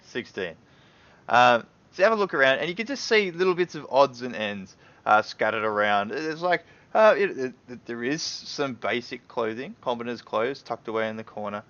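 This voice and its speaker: A man's voice: medium pitch, expressive, moderate pace, a bit bright, dry recording, muffled recording. A man narrating as game master in a loose, casual way, full of fillers and hedging words.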